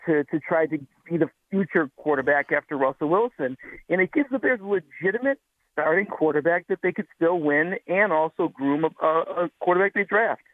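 Man, radio caller, out of breath, chatty, tinny phone line, slightly high voice. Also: no room sound. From Chicago area. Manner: chatty, laughs easily.

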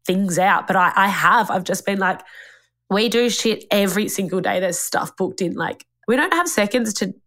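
A woman's voice: mid-range voice, animated, normal speed, a bit bright. A young woman, talking in a tearful, rambling way on a casual podcast, swearing often and quoting herself. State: tearful, crying. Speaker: podcast host. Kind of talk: casual emotional chat. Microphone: studio microphone.

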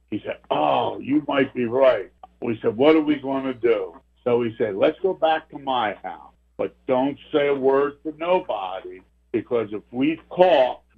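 An older man tells a ghost story in a vivid, earnest way. His voice comes through a thin, tinny phone line. He sits at an ordinary middle pitch for a man. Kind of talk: telling a personal ghost story.

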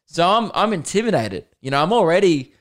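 A young man hosting a podcast, telling a comic story in an animated, self-mocking way and swearing freely. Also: sits high, fairly quick. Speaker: podcast host. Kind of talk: comedic storytelling.

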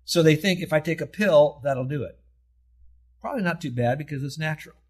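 A man's voice: a little high, lively intonation, a little fast, a little mellow, slightly rough. A middle-aged male pastor delivering an earnest, conversational sermon that builds to rising emphasis.

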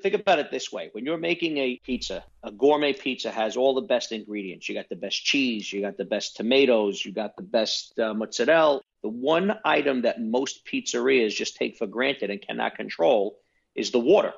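Telling his story in a relaxed interview, a New York company founder sprinkles in fillers and talks at a moderate pace. His medium-pitched voice has vocal fry and a slightly rough edge, and the recording sounds a bit dull.

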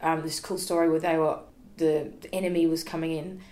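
An Australian woman with a slightly low voice recounts family stories in a loose, animated way. She laughs often and jumps into voices for the people in her tales. The sound carries a roomy echo. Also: brisk. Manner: animated, laughing storyteller who acts out quotes. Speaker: podcast guest. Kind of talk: casual storytelling chat.

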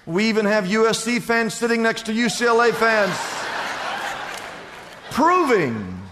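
A man's voice: high voice, sing-song, unhurried, noisy background. A male pastor preaching a sermon, telling stories and building to emphatic peaks in a large church. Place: large church in Los Angeles. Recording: echoey church hall.

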